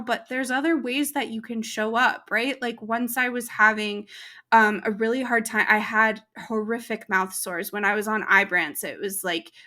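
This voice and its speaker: A woman's voice: on the high side, bright, forceful tone. A young adult woman, a podcast guest, talking candidly and emotionally, with lots of "like" fillers. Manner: emotional, open, heavy use of "like". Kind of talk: candid conversational interview.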